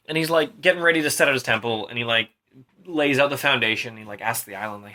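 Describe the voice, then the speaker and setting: A man's voice: medium pitch, racing, pushed and bright. A tipsy young man casually retelling a Greek myth in a rambling, profane way. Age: young adult. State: drunk. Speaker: storyteller.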